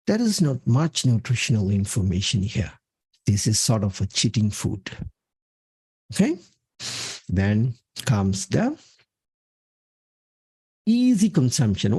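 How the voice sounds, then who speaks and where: A man explains slides in an emphatic, lively voice that jumps up and down in pitch. His tone is dark and gravelly and he speaks slowly. The sound is close and dry. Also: dry recording. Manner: emphatic, repeats "okay" often. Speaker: health presenter. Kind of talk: talking through slides.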